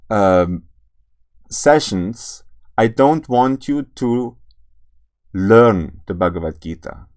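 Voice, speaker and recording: A man's voice: on the low side, a little mellow. A man giving a spiritual lecture, speaking earnestly and directly to his listeners, often restarting and repeating words as he goes. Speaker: spiritual teacher.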